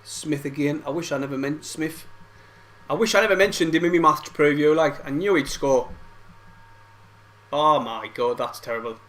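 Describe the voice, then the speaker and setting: A young football fan streamer with a slightly high, somewhat bright voice talks at a moderate pace, pausing often. He reacts live during a match watch-along, frustrated, swearing and full of banter.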